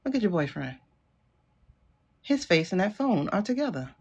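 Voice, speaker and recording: Woman streamer, AAVE, incredulous running commentary, voice swings high and low. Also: big pitch swings, normal speed, breathy edge. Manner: incredulous, talks back at the screen. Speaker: livestream host. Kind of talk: casual livestream commentary.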